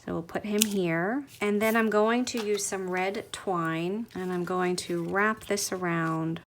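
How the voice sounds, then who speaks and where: A woman demonstrates a paper craft step by step, chatting as she works and gushing over the cute results. Her voice sits at a comfortable middle pitch. A faint background hiss runs under the recording. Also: a little slow.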